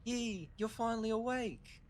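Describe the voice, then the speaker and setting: A man voicing a frightened young woman from a game, high and urgent. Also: measured pace, noisy background. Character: anxious young woman in danger.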